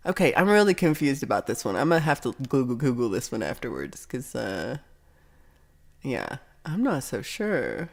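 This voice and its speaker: Low-voiced giggly woman hosting a live chat. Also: big pitch swings, normal speed, darkish tone. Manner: giggly, chatty, reacts to viewer comments. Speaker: livestream host. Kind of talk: casual live chat reading comments.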